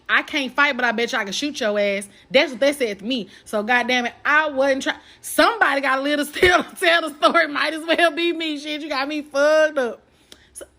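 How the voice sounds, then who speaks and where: Animated, profane woman telling a story. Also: on the high side. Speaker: podcast host. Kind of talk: casual storytelling.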